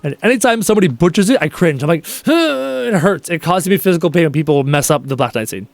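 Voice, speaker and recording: Rapid-fire and animated, a young Canadian streamer rambles and jokes with his viewers while gaming, slipping into quoted bits. His voice leans high, and there's no room sound at all.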